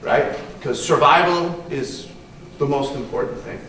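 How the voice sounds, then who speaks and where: Heard from a distance in an echoey conference hall with a little hiss or hum, a man's high-leaning, slightly bright voice moves unhurriedly. He's a martial arts instructor demonstrating live during a conversational talk, repeating points and often asking "right?"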